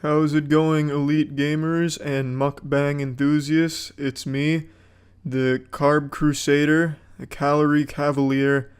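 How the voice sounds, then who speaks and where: A man's voice: a little high, clean tone. A man hamming up a drunk, bombastic mukbang host. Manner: bombastic, slow, hammy announcing. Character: over-the-top drunk male mukbang host.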